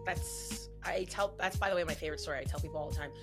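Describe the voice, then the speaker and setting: A young woman hosts a podcast with a strong New Jersey accent, talking loud and quick and teasing her guest. Her voice sits a little low for a woman. Faint music runs underneath. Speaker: podcast host. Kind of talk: casual chat.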